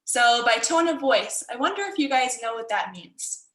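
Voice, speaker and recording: A woman's voice: on the high side, expressive, moderate pace, a bit bright, reverberant, poor audio. A woman martial arts instructor teaching an online workshop for kids in an upbeat, encouraging way, over a video call.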